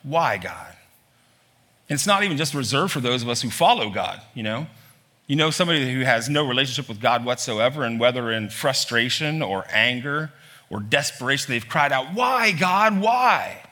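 A male pastor preaching a sermon, firing off rhetorical questions in a lively way and pushing his voice up high on emphatic lines. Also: normal speed. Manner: asks many rhetorical questions. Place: church hall.

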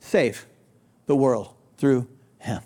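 A man's voice: mid-range voice, extremely slow, darkish tone. A male pastor preaching a sermon, hammering points through repetition, asking rhetorical questions and speaking straight to skeptics in the room. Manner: emphatic, repetitive preaching cadence.

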